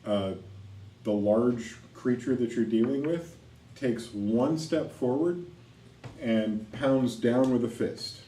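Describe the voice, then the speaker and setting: A man running a tabletop game as game master, narrating and ruling on rolls in a relaxed, wry way. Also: medium pitch, slow. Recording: roomy echo, mic at a distance, faint noise.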